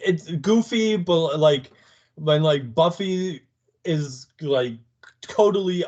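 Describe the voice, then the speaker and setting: A man's voice: fairly high pitch, dull audio. A man co-hosting a podcast, chatting casually and hedging with lots of "like". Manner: slow, hedging talk full of "like". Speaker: podcast co-host.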